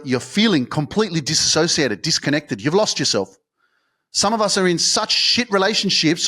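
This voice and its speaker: A fired-up man hosting a motivational podcast, his voice sitting high for a man. He swears freely and jumps from shouting to near-whispers as he pushes his listeners. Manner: intense, profane, shifts from shouting to hushed. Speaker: podcast host.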